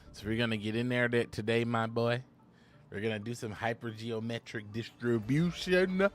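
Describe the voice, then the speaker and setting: A man in the middle of his range talks through a card game with hyped, slangy enthusiasm, leaning on catchphrases. Quiet music runs under his voice. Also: medium pitch, normal speed. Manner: hyped, slangy, repeats "my boy". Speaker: gaming YouTuber. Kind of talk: casual gameplay commentary.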